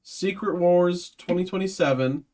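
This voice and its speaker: A man's voice: sits high, a little slow, darkish tone. A man hosting a livestream, thinking aloud in casual chat, hesitant and full of ums and restarts. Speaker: card break host.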